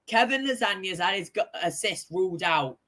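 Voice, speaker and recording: Male football show host, bright forceful voice, casual, excitable score updates. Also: high-pitched, moderate pace. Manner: excitable, swears, reads out scores. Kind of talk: casual live football commentary.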